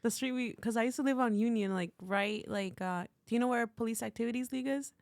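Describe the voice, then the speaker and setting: A woman guest in a casual interview, talking in a relaxed, chatty way with frequent laughs. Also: a little high, fast, creaky, no room sound. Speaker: artist guest.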